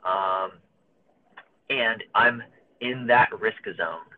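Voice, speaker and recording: A man in his thirties speaks candidly and emotionally, often stopping and restarting his thoughts. His voice sits a little low. It comes through narrow and phone-like. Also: very slow, soft background music. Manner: emotional, searching, many fillers and restarts. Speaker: guest. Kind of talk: candid conversation.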